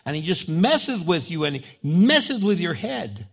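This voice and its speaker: A man preaching a sermon with passion, rising loud as he urges his listeners and acting out the things people say to themselves. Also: sing-song, a little slow, vocal fry, breathy edge. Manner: impassioned, voice drops low and soft in prayer, rises loud when exhorting; acts out inner voices and quoted prayers. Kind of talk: sermon with spoken prayer.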